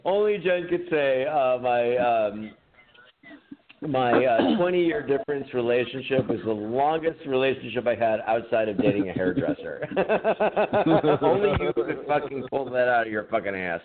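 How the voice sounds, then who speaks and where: Slow-talking teasing male podcast host. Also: medium pitch, lively intonation, a crowd in the background. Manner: swears a lot, laughs often, teasing. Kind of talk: casual crude chat. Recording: phone-like narrow sound.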